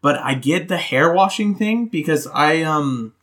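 A man co-hosting a casual podcast, excitable and quick to laugh. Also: on the high side. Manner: giggly, excitable. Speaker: podcast co-host.

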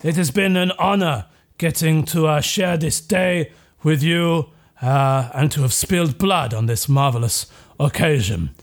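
A man voicing a proud, blunt warrior groom who makes slow, formal pronouncements in a tabletop game. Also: fairly high pitch, pitched below the performer's own voice, lightly acted. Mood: grandly formal.

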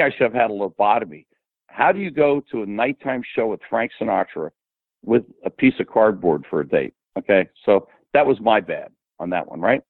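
An older man as a podcast guest, rambling and animated as he tells stories and quotes people. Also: on the low side, no echo. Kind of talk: casual storytelling. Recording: tinny phone-like line.

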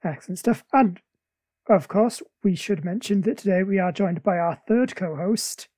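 A man hosts a casual podcast, trading playful jokes and quick asides. His voice is husky, and the sound is close and dry. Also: sits high, a little mellow, no room sound. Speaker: podcast host.

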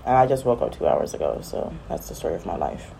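A woman's voice: extremely low pitch, very animated, fast talker, gravelly, background noise. A woman chatting casually on a vlog, telling a rambling, exasperated story. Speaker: vlogger. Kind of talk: casual chat.

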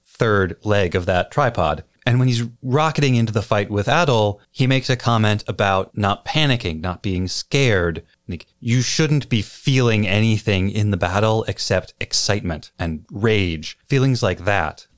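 A man with a lowish, clear, resonant voice talks through his analysis in a measured, deliberate way. The sound is dry and close, with no room echo. He co-hosts a podcast discussion. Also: animated. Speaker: podcast co-host.

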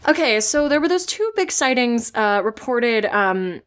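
A woman's voice: fairly high pitch, sing-song, measured pace, a bit bright. A woman co-hosting a podcast, telling stories in a rambling, giggly, casual chat. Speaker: podcast co-host.

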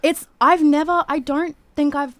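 A woman's voice: high voice, fairly even intonation, a little slow, dry recording. A woman, a singer who is a podcast guest, chatting casually and rambling, with many filler "like"s. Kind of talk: casual chat.

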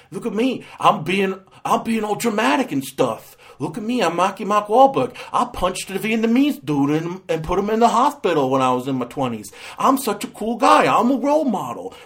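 A man's voice: high voice, pitched above the performer's own voice. A man putting on a mocking impression of a brooding male action star, with an attempted Boston accent, self-important and babbling.

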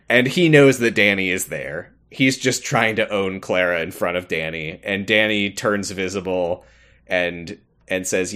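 A man's voice: low-pitched, measured pace, sharp tone, smooth. A man co-hosting a casual podcast, laughing often and acting out quoted lines in funny voices. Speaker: podcast co-host. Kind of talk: casual chat recapping a TV episode.

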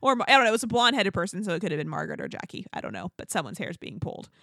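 Her voice is on the low side, creaky and rapid-fire, as she co-hosts a casual reality TV recap podcast. Chatty and laughing often, she imitates people in animated put-on voices. The audio is studio quality with no room sound.

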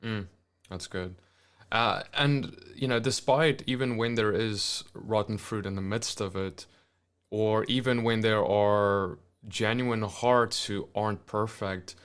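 A man hosting a podcast interview, his voice smooth and resonant in a fairly low register. He reads out viewer questions, then reflects at length, leaning on rhetorical questions. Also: steady tone, slow pace, a bit bright. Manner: reflective, builds points with questions. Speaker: podcast host.

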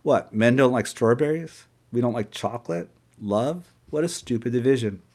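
A man's voice: medium pitch, normal speed, darkish tone. A man reading a first-person story aloud in a wry, sarcastic way, with a few stumbles. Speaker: narrator reading a personal memoir.

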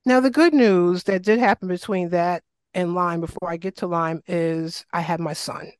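A woman's voice: fairly low pitch, moderate pace, no room sound. Dry-voiced middle-aged woman storyteller. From New York. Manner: animated, acts out quoted voices, frequent fillers. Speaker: guest, wellness coach. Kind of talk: casual interview storytelling.

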